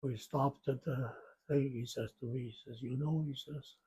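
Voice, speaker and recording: A man in his nineties telling his life story in an interview, halting and rambling with restarts and soft chuckles. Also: mid-range voice, steady tone, a little hiss or hum.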